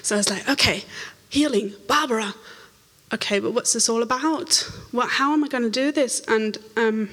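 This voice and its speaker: A woman telling an animated church testimony, laughing often and acting out the voices in her story. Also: fairly high pitch, fairly quick, few pauses. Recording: reverberant hall.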